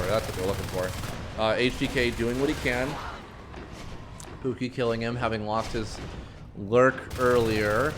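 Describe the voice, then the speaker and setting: A man's voice: medium pitch, background noise. A man from Florida giving live play-by-play commentary on a team game, talking with frequent fillers and self-corrections, his throat strained from allergies. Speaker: esports commentator.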